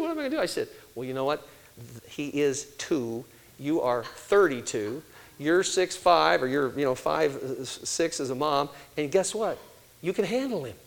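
An older man preaching a sermon, telling family stories and acting out quoted voices with animated delivery. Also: fairly high pitch, gravelly, rough recording.

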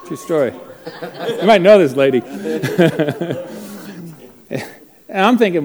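A man speaking to a live class, telling a story with lively acted-out voices. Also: a little high, slow pace, pauses often, some chatter behind. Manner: animated, acts out voices in his stories. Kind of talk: storytelling talk to a live group.

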